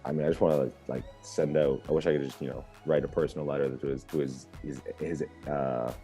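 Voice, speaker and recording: A male podcast guest with an extremely deep, mellow voice, talking quickly and from the heart. He restarts his sentences often, and faint music plays behind him. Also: fairly even intonation. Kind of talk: casual podcast conversation.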